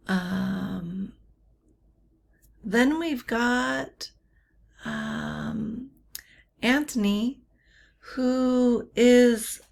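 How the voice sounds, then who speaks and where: A woman gives an unscripted literature lecture, pausing often with ums and uhs and tossing in wry, offhand remarks. Her voice is medium-pitched with vocal fry.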